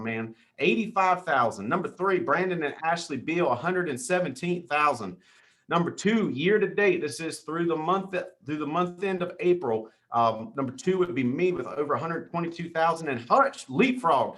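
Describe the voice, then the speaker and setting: A man leads a team's weekly sales call, running through leaderboards and paychecks with pumped-up energy. His voice sits a touch high, and he keeps throwing in "dude" and "brother" as he cheers people on. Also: a bit bright. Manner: hyped, calls everyone dude and brother, quick asides. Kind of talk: excited leaderboard shout-outs on a call.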